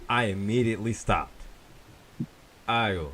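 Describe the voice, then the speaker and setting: A man co-hosting a casual talk show, telling a story in an animated, repetitive way. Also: low voice, unhurried. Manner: animated, repeats himself, lively storyteller. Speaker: podcast co-host.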